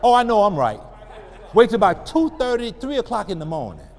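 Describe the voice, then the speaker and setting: A man's voice: high-pitched, fairly quick. A man giving a humorous, preacher-like motivational talk to parents, calling out to the crowd. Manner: humorous, animated, call-and-response. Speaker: parenting speaker at a family expo. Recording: reverberant hall.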